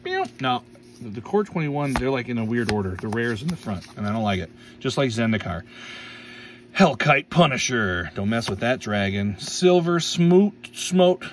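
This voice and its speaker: A man's voice: medium pitch, lively intonation, moderate pace, recorded from a distance, noisy background. A man casually opening trading card packs on camera, reading out card names, tripping over some of them and making playful jokes. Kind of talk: casual pack-opening commentary.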